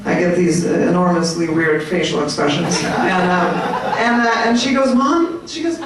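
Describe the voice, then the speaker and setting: A woman's voice: lowish voice, moderate pace, heavy background noise. Chatty woman speaking to a crowd, echoey. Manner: animated, chatty, jokes with the audience. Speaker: speaker at a political meetup. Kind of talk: lively speech to a crowd. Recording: echoey room, mic at a distance.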